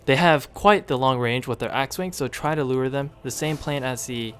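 A man keeps up easy running commentary as he plays, his voice sitting at an ordinary middle pitch. He chats to the screen and cheers the little figures on, now and then breaking into a sudden excited shout. Soft game music plays faintly underneath. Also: normal speed. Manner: chatty, talks to the game units, sudden excited outbursts. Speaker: gaming video creator. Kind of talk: casual gameplay commentary.

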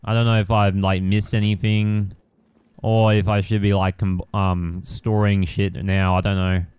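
A young man talks through a video game in loose, casual commentary. He rambles, trails off and swears lightly, filling gaps with ums and likes. His voice sits lowish and sounds very smooth and clear. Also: level tone, measured pace, a little mellow, no room sound. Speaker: gaming channel host. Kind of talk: casual let's-play commentary.

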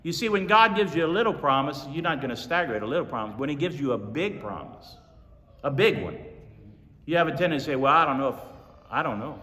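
Folksy pastor, bright voice. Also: male voice, a little high, animated, fast. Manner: folksy, storytelling, emphatic repetition. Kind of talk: sermon. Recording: reverberant hall.

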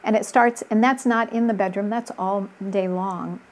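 A middle-aged woman, interviewed as a relationship coach, speaks in a mid-range voice at a moderate pace with fairly even intonation. She's earnest and conversational, sharing stories from her practice complete with quoted voices.

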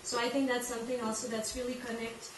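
A woman's voice: on the high side, flat delivery, fast. A woman from Quebec with a French Canadian accent and French as her first language, giving an informal presentation and sometimes searching for English words. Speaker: guest presenter. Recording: echoey room from far off, background noise.

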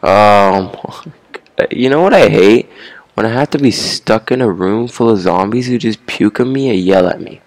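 A man's voice: lowish voice, normal speed, no room sound. A young man giving casual commentary on his first game session, repeating himself, swearing at enemies and laughing. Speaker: gamer.

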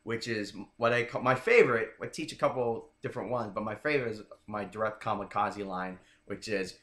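A dating coach speaks as an interview guest in a roomy, echoing room, his voice lowish, brisk and a little bright. He's chatty and casual, checking in with the listener as he explains and tossing in "right?" again and again.

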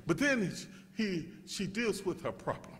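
A male pastor preaching a sermon, restarting words in stammering repeats and rising to shouts as he calls out to his congregation. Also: high voice, very animated, measured pace. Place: church sanctuary. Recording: long reverb of a church hall.

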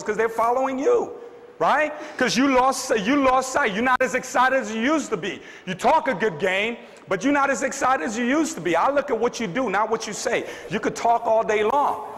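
A man's voice: high-pitched, fairly bright tone. A man giving a fired-up, preachy motivational speech to a room full of people, repeating his lines for emphasis. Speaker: motivational speaker. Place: large meeting room with audience. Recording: reverberant hall.

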